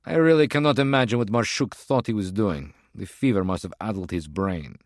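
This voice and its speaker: A man's voice: on the low side, brisk, dry recording, studio quality, natural voice. A man voicing a scornful male army commander with a dismissive manner.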